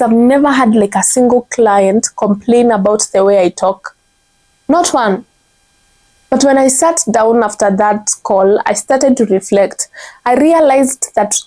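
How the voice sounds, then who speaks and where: Young Kenyan woman, earnest vlogger with a warm, soft tone, often restarts her phrases. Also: fairly high pitch. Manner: earnest, self-correcting restarts, frequent "like". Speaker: content strategist. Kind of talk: motivational vlog talk.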